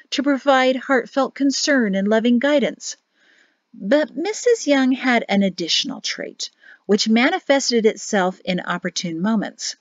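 A woman narrating an audiobook in a steady, measured reading. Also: mid-range voice, no echo, dull audio. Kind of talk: scripted narration.

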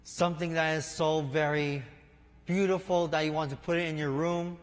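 A man preaching a sermon in an unhurried storytelling way, speaking to listeners as his friends. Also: fairly high pitch, fairly even intonation. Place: church sanctuary. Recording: long reverb of a large hall.

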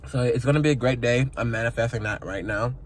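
A man's voice: medium pitch, fast, a little hiss or hum. A young man talking casually to his phone camera, chatty and emotional, laughing at himself. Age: young adult. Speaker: vlogger. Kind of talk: casual vlog chat. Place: parked car outside his workplace.

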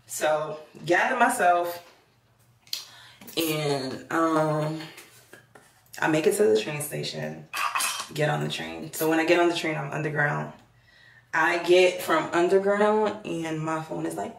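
Slow, gravelly woman telling a story. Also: sits low. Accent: Jamaican. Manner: animated storyteller, acts out quoted voices. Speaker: vlogger. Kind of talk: casual storytime chat. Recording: echoey room.

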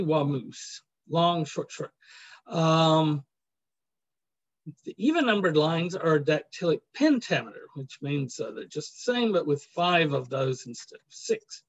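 A man's voice: a little high, lo-fi sound. A male professor giving a chatty, joking university lecture in a classroom, with many fillers.

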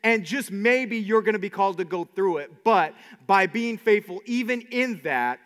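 A man preaching a sermon to his congregation, animated, with many repeated words and quick asides. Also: sits high, big-room sound. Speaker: pastor.

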